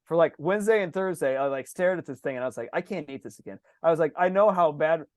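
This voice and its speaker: Guy rambling fast in casual podcast chat, cusses a lot, dry close sound. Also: on the high side, dry recording. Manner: animated storyteller, swears freely. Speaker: podcast co-host.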